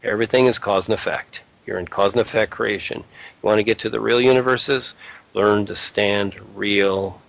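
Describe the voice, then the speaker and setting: Guy with a low gravelly voice going off blunt about spiritual stuff. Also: fairly even intonation, normal speed, fairly bright tone, low-quality recording. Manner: blunt, lecturing. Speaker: spiritual speaker. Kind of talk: casual spiritual talk.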